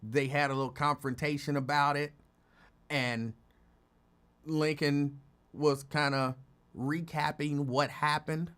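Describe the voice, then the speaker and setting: A man hosting a casual talk show, telling stories in a loose, animated way, jumping high in pitch when he quotes people. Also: slow, long pauses, clear, resonant tone. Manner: animated, acts out quotes with big pitch jumps. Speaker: radio host. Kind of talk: casual storytelling chat.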